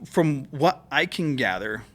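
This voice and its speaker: He's a military veteran appearing as a podcast guest, telling a story loosely, with profanity and lots of fillers, into a studio mic. His medium-pitched, fairly bright voice is very animated yet measured in pace.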